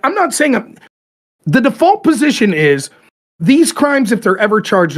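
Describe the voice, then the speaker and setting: A man hosting a podcast, ranting animatedly about politics in casual, profane talk. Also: sits high. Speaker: podcast host.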